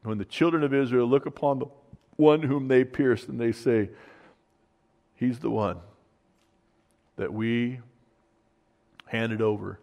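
A man delivers a sermon as pastor, moving between quiet, low remarks and loud, fervent proclaiming. He reads scripture aloud between his comments. His voice sits at a middle pitch and rings with the long reverb of a church hall. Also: fairly even intonation, slow, vocal fry, pauses often. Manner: swings from soft, low asides to loud proclaiming.

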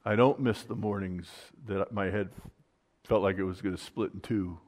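A man's voice: fairly low pitch, fairly even intonation, moderate pace. A man preaching a sermon in a conversational way, often restarting and saying "you know". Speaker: pastor.

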